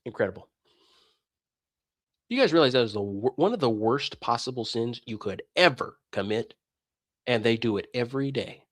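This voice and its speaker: A man's voice: mid-range voice, expressive, normal speed, long pauses, dry recording. A man streaming a casual commentary rant in a sarcastic, mocking manner.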